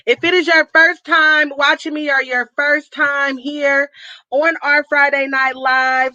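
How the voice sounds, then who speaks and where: A woman from Northern California hosts a casual livestream, cheerfully reading out where viewers are watching from and hyping them up with call-outs and nicknames. Her high voice has fairly even intonation, a slow pace, and a sharp tone, in a lo-fi recording with no room sound.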